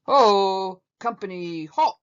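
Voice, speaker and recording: A woman's voice: lowish voice, expressive, measured pace. A woman voicing a bossy old bull elephant colonel who barks drill commands, on a slightly muffled recording. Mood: bellowing.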